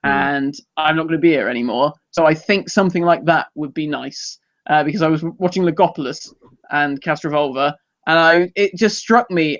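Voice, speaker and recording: A man co-hosting a casual live podcast, rambling and self-deprecating, quick to laugh. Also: on the high side, a bit bright, dry recording, dull audio. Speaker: podcast co-host.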